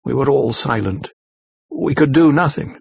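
Husky-voiced male audiobook narrator. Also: mid-range voice, animated, measured pace, dry recording. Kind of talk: scripted narration of a classic novel. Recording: slightly dull lo-fi recording.

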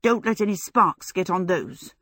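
A stubborn, sharp-tongued young heroine , as a woman narrator plays her, speaking primly and with dignity in a storybook reading. The voice sounds close and dry. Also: lowish voice, animated, a little slow, dry recording. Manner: prim, dignified delivery.

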